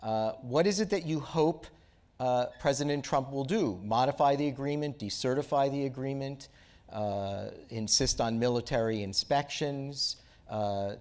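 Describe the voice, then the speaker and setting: A man moderating an onstage conversation who talks in an easy, conversational way and builds up to his questions. His voice has a middle pitch for a man. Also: measured pace. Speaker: interviewer, moderator. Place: auditorium stage.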